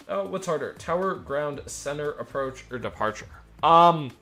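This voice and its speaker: A man streaming a flight game, chatting loosely with lots of fillers and switching into crisp radio phraseology as a tower controller. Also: on the high side, measured pace, pushed and bright, soft background music. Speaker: streamer and virtual air traffic controller. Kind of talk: casual live-stream chat.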